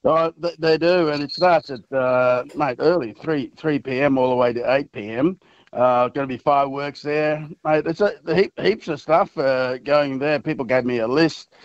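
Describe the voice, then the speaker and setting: A middle-aged man, a city mayor chatting casually on a radio show, relaxed and halting, laughing easily. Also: on the high side, dry recording, dull audio.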